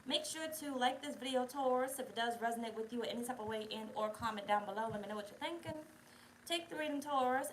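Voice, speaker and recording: Young female tarot host, casual and foul-mouthed, digressive, higher-pitched voice. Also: slight background noise, poor audio. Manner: profane, chatty, digressive, emphatic with the audience. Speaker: tarot reader, channel host. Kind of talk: casual livestream chat.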